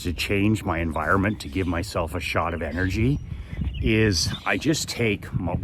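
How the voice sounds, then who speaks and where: A man's voice: low voice, noisy background. A middle-aged man from Canada telling a casual, folksy story in a blue-collar manner, leaning on repeated words for emphasis. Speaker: business author and speaker. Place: outdoors by a garage in a gated community.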